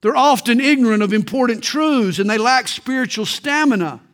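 Man, high-pitched, middle-aged pastor, preaching a sermon, slows for emphasis. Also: expressive, a bit bright.

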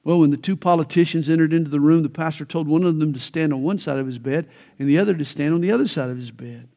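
A man's voice: a little high, fast talker, creaky, mellow. A male pastor preaching a sermon, telling jokes and stories, then building to fervent emphasis.

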